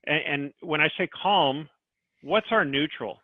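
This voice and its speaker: A man's voice: on the high side, a little slow, no room sound. A man working as a business coach, talking through ideas with a guiding, questioning manner in a podcast conversation. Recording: tinny phone-like line, dry.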